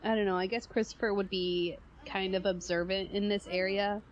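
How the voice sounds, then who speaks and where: A woman's voice: mid-range voice, fairly even intonation, normal speed, highs cut off. A woman playing in a tabletop game, thinking aloud with some hesitation. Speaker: player. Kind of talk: tabletop role-play.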